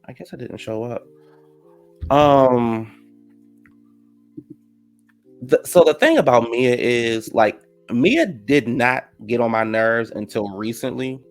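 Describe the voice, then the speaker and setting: A man casually recapping a reality TV episode, gossipy and profane, reacting loudly to the drama. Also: medium pitch, measured pace, faint music behind.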